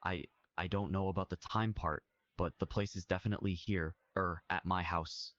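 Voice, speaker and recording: A flustered young man from a chat app, stammering through every reply in a very deep voice, as a synthetic voice acts him out. The sound is dry and close, with a dull lo-fi edge. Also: fairly even intonation, normal speed, fairly bright tone, dry recording. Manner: reads out its own stage actions, stammering.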